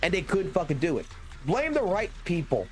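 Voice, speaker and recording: A man, a game streamer ranting excitedly and swearing heavily to his live chat. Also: high-pitched, moderate pace. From Southern United States. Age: 30s.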